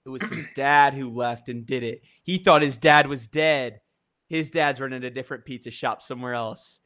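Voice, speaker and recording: A man's voice: mid-range voice, normal speed, bright, forceful tone. A young man chatting casually, telling an idea as a story and acting out scenes with sound effects. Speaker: co-host. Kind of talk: casual brainstorming chat.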